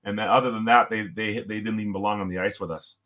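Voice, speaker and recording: Middle-aged man with a low voice, lively storyteller who chuckles often, podcast guest. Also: fast. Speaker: podcast guest, former hockey coach. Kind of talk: storytelling in conversation.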